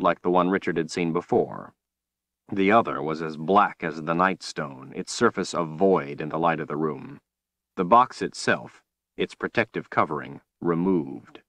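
A man reading an audiobook as its narrator, in steady, expressive scripted narration. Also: deep voice, dry recording.

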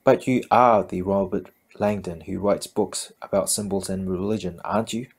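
A man's voice: low-pitched, fairly even intonation, moderate pace, slightly rough. Man putting on a gushing sing-song British lady. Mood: sheepish teasing. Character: cheerful chatty middle-aged British woman.

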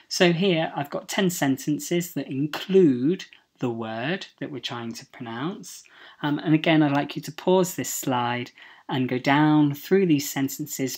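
A British woman teaching English pronunciation in a recorded slide lesson. Her voice sits low for a woman, and she speaks slowly and deliberately. She models each word carefully and repeats it so that learners can say it after her. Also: a little mellow.

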